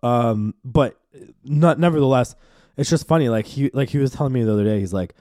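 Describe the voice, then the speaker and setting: A young man hosting a solo podcast, ranting in an animated, profane way full of fillers. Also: mid-range voice, a little fast, no room sound, studio quality. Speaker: podcast host.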